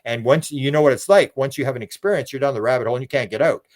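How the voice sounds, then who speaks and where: A man's voice: medium pitch, racing, a little mellow. An older man from Canada, a guest researcher in a casual interview, telling long rambling stories, repeating words and acting out voices he quotes.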